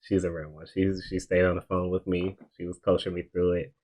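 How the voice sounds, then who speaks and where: This is a young man with a deep, low voice who tells a story from his own life. He talks casually and uses a lot of slang, like he's chatting with friends. He laughs often as he goes. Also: level tone, brisk, darkish tone. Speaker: podcast host.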